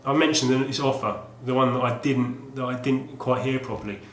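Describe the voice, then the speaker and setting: A man's voice: mid-range voice, steady tone, fairly quick. A man talks casually about a game he bought. He rambles and often restarts his sentences. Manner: rambling, with many fillers and restarts. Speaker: retro game collector vlogger. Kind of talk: casual video talk. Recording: roomy echo, faint background hum.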